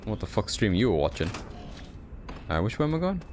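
Low-voiced joking male game streamer. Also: very animated, fairly quick, a little mellow, a little hiss or hum. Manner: joking, swearing, talks to chat. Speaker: streamer playing a stealth game. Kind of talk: casual live-stream commentary. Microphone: desk condenser microphone.

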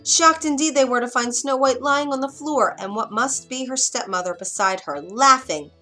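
Brief: woman reading a children's fairy tale aloud, expressive, slightly high voice. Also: faint music behind. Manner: expressive, dramatic pauses. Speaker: narrator. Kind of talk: scripted storybook narration.

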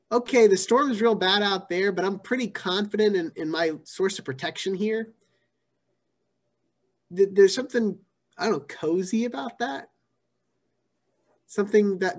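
Man, pastor, sermon, conversational, repeats himself, fairly high voice. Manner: conversational, repeats phrases, shifts from hushed to emphatic.

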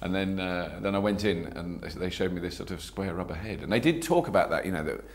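Man, low voice, fast talker, chatty, self-mocking, interview anecdotes. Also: expressive. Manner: chatty, self-mocking, laughs while telling stories. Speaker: actor being interviewed.

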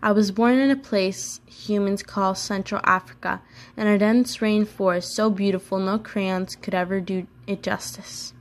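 A woman's voice: medium pitch, steady tone, normal speed. A woman reads a children's novel aloud in a casual, unpolished way. She adds chatty asides and corrects her small slips as she goes. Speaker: book reader.

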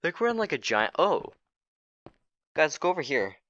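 Excitable young man narrating gameplay, bright voice. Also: on the high side, normal speed, dull audio. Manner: excitable, talks to viewers as "guys", frequent "oh my gosh" and "oh boy". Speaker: gaming YouTuber. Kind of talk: casual gameplay commentary.

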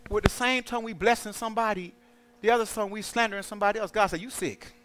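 A man preaching to a congregation in a lively call-and-response style, acting out quoted voices as he goes. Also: high voice, racing, noisy background. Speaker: pastor.

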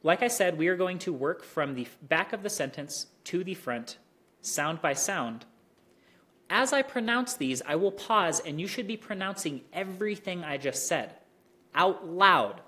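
A man teaching Mandarin tones, explaining clearly and directly, then drilling syllables slowly with pauses. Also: high-pitched, expressive, sharp tone.

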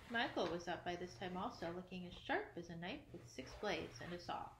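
Woman storybook narrator, mid pitch, expressive, echoey room with faint background hum. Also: moderate pace. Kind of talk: storybook reading.

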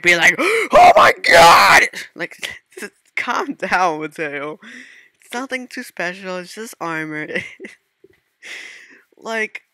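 Bright-voiced jumpy gaming guy. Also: sits high, no room sound, clean studio sound. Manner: excitable self-talk with sudden startled outbursts. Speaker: gaming channel host. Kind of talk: casual gameplay commentary.

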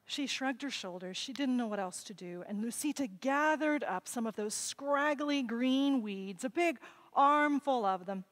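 A woman telling a legend to children during a church service, expressive and inviting them to join in. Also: fairly high pitch, rough recording. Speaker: children's sermon storyteller. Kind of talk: telling a story to children in worship. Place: church sanctuary.

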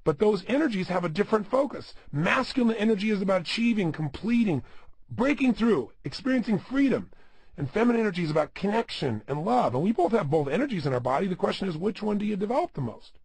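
Motivational speaker, man, middle-aged: husky, gravelly, emphatic, peppers the listener with questions. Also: sits high, very animated, fast, darkish tone, no echo. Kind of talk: self-help audio program talk.

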